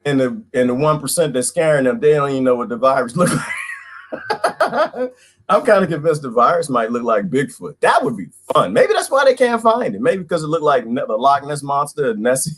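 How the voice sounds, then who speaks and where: A man's voice: medium pitch, very animated, fairly quick, fairly bright tone. A man hosting a casual livestream, ranting animatedly, laughing often and greeting viewers by name. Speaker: livestream host.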